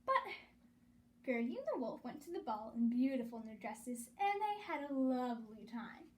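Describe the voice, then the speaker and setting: A woman reading a children's story aloud in an expressive, animated way. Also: high voice, normal speed, slight background noise.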